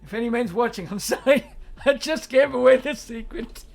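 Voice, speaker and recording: A woman's voice: on the high side, normal speed, vocal fry, soft background music. A woman hosting a livestream advice chat, blunt and swearing freely, laughing often and reading out viewer comments. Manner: reads viewer chat aloud.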